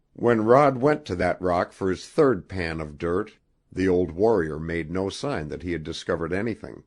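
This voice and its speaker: A man with a deep, low, darkish voice narrates an adventure audiobook from a script. He tells it expressively, his pitch rising and falling a lot with the story.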